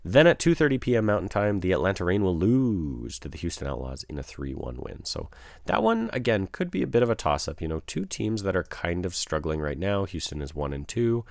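A man's voice: low voice, very animated, a little fast, gravelly, no echo, clean studio sound. A man talking through his esports match predictions in a casual, conversational way, thinking aloud and changing his picks as he goes. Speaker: esports commentator.

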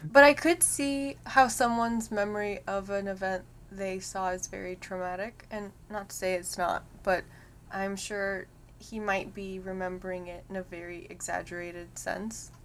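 A woman co-hosting a podcast in casual chat, soft-spoken and easygoing. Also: medium pitch, steady tone, normal speed, slight background noise. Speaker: podcast co-host.

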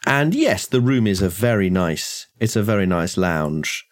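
Brief: male game master, lower voice, lively delivery, descriptive narration. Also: a little slow. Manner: descriptive, relaxed, with fillers. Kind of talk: narrating a tabletop horror game.

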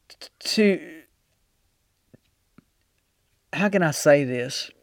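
A male pastor preaching a sermon, telling folksy stories and swinging from loud to soft. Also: a little high, no room sound, clean studio sound. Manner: folksy storytelling with big swings in loudness.

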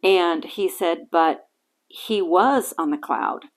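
Slow, halting woman sharing scripture. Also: on the low side. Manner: halting, with frequent fillers and restarts; earnest and reflective. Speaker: podcast host reading scripture. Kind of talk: casual bible-reading podcast talk.

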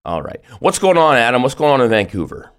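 A man's voice: medium pitch, very animated, fast talker, clean tone. A man hosting a casual podcast, joking around and stumbling over restarts. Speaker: podcast host. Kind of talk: casual chat.

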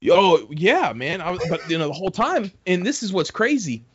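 A man's voice: sits high, very animated, normal speed, breathy edge. A man telling a long story in casual podcast chat, rambling, swearing heavily and acting out what people said. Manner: rambling, heavy swearing, acts out quotes. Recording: dull dry close mic.

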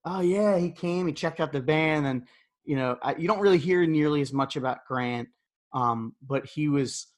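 A man hosting a podcast in casual interview chat, relaxed, with many fillers. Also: a little high, normal speed. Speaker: podcast host.

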